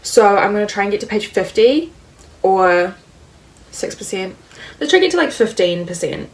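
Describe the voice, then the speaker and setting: A woman's voice: mid-range voice, very animated, moderate pace, a little hiss or hum. A young woman in her twenties with a New Zealand accent, chatting casually about books and filling her talk with "like". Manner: chatty, lots of "like" fillers. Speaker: book vlogger. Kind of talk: casual chat.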